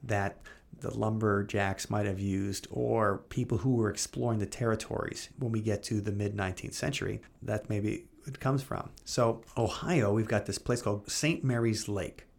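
A man co-hosting a podcast, reading old newspaper clippings aloud in a brisk, animated way and chatting loosely in between. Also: lowish voice, creaky. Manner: reads quotes in a brisk, animated way, then chats loosely. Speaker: podcast co-host.

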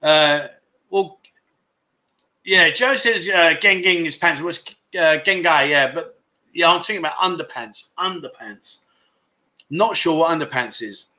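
A man's voice: fairly high pitch, measured pace, long pauses, bright, forceful tone. A man hosting a casual livestream chat, joking and teasing as he reads out viewer comments. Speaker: livestream host.

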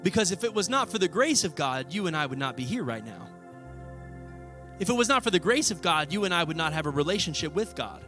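A man preaching a sermon as pastor, conversational and animated, acting out the voices in his stories and often asking "right?". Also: on the high side, fairly quick, faint music behind.

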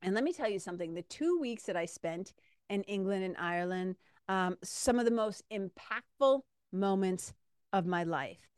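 A middle-aged woman from Massachusetts, telling a personal story in a casual, animated podcast monologue and talking straight to her listeners. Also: mid-range voice, normal speed, clear, resonant tone, no echo, studio quality. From Massachusetts, USA. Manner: chatty and animated, addresses listeners as "you guys". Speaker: podcast host.

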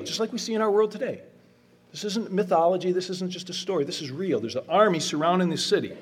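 A middle-aged man preaching a sermon, earnest and emphatic, slowing down to stress repeated phrases. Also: a little high, breathy edge. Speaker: pastor.

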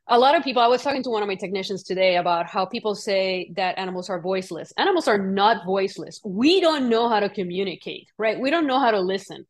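A woman hosting a podcast at an average pitch for a woman. She speaks earnestly and explains her points in a relaxed conversation, often checking in with "right?". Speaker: podcast host. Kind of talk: casual interview conversation.

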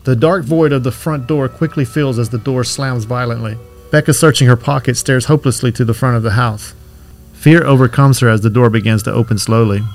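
Male narrator, scripted horror read, steady, faint music bed. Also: medium pitch, fairly quick.

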